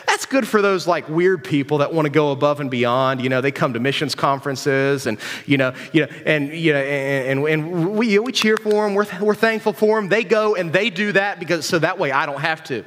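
A man's voice: a little high, fairly quick, few pauses, fairly bright tone. A man giving a casual, conversational sermon to young people, repeating himself and asking rhetorical questions. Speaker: preacher. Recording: long hall reverb.

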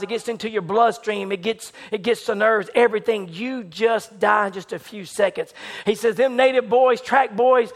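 High-voiced man preaching with dramatic swings. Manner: dramatic, rising to excited shouts in retold scenes, dropping to hushed lows. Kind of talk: sermon retelling a story.

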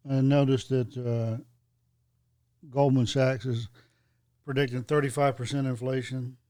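Hesitant man with a mellow voice. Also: mid-range voice, level tone, unhurried, no room sound, clean studio sound. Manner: hesitant, many ums and uhs, wry. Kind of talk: casual chat.

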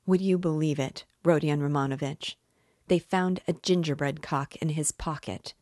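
A woman's voice: low-pitched, steady tone, normal speed, a little mellow, no room sound, clean studio sound, lightly acted. A woman voicing a proud, bitter, impoverished widow who plays hostess, speaking in a haughty, indignant manner while reading a novel aloud. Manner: haughty and indignant, raising her voice.

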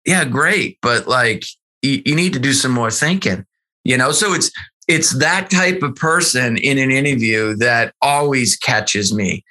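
Animated bright-voiced sales executive man. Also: medium pitch, measured pace. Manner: earnest, animated storytelling with many restarts. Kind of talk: podcast interview talk.

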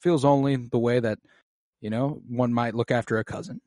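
A man's voice: mid-range voice, fairly even intonation, a little fast, warm tone, dry recording, clean studio sound, natural voice. A man putting on a sneering, haughty knight. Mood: insinuating. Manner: haughty, taunting. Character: cold, sneering male knight.

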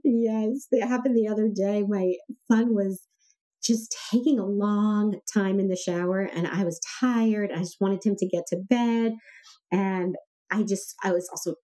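A woman guest on a podcast, talking candidly and telling animated personal stories in casual conversation. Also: medium pitch, measured pace.

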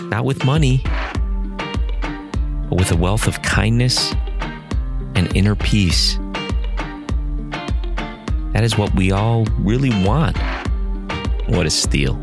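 A man hosting a podcast, telling a story and giving mindfulness advice in a gentle, reflective way. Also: lowish voice. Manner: gentle and reflective, with soft hesitations. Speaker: podcast host.

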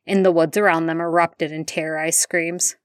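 Woman reading a story, low and dry. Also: little pitch movement, moderate pace, no room sound. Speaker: audiobook reader. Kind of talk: reading fan fiction aloud.

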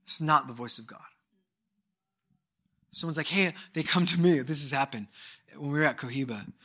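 Animated, bright-voiced male pastor. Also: medium pitch, moderate pace, slightly rough. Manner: animated storytelling, swings from hushed to emphatic. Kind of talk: sermon. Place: church service.

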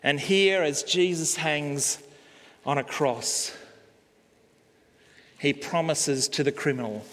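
Man, pastor, sermon, slightly high voice, emphatic pauses, long hall reverb. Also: a bit bright. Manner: slow, emphatic preaching with pauses.

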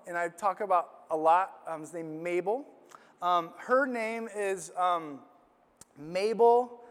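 A middle-aged man preaching a sermon as a personal story, animated and self-deprecating. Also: sits high. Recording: long hall reverb.

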